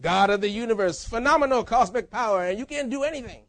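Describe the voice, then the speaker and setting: A man preaching a sermon as pastor, in a lively, conversational style with casual banter. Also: extremely high pitch, fast talker, dry recording. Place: church.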